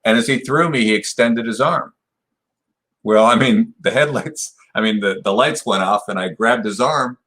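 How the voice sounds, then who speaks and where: A man in his sixties with a medium-pitched, slightly bright voice speaks at a moderate pace as a podcast guest. The martial arts black belt tells a long story in rambling fashion, restarting repeatedly and saying "you know" a lot.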